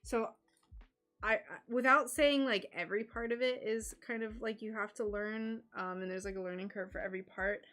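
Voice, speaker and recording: A woman's voice: medium pitch, fairly even intonation, normal speed, fairly bright tone. An American woman chatting casually on a craft livestream. She laughs at herself often and talks in a loose, rambling way. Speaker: stained glass livestreamer.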